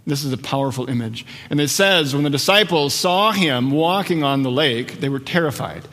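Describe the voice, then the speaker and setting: A male pastor giving a conversational sermon, often dropping low and quiet for emphasis, in a church hall. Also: lively intonation, moderate pace. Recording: long hall reverb.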